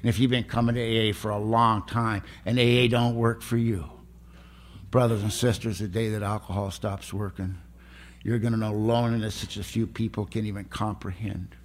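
A man's voice: fairly low pitch, flat delivery, normal speed. A middle-aged man, telling his own story at a recovery meeting in a raw, plain-spoken way. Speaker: recovery speaker.

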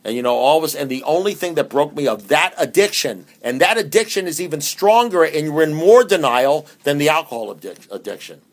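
A man's voice: on the high side, lively intonation, brisk, hardly any pauses. A man speaks at a recovery meeting in a slightly raised voice, conversational and joking. He hammers his points with repeated phrases and often restarts mid-sentence. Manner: conversational, humorous, emphatic with restarts.

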